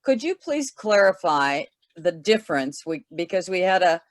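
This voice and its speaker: A woman's voice: fairly low pitch, very animated, moderate pace, dry recording. Woman running a zoom talk, asking a question kind of hesitantly, dry sound. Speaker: webinar moderator.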